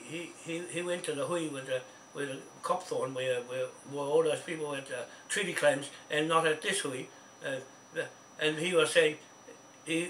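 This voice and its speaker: A man's voice: fairly high pitch, a bit bright. A man with a New Zealand accent talking in a rambling, insistent way on a call, with many restarts and repeated words, often asking "see?". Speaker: speaker on a phone call. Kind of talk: rambling phone chat. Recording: echoey, distant, faint hiss.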